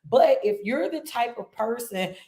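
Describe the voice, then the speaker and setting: A woman's voice: fairly high pitch, expressive, a little slow, warm tone, reverberant. A woman hosting a motivational talk show, speaking in a conversational coaching tone and often checking in with her listeners. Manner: conversational, coaching tone with frequent "right?" check-ins.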